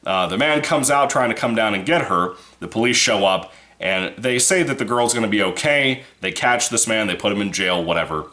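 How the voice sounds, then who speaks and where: A man's voice: fairly low pitch, lively intonation, brisk, bright, forceful tone. A man giving a casual, rambling movie review, swearing freely and laughing between points. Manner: rambling, profane, laughs often.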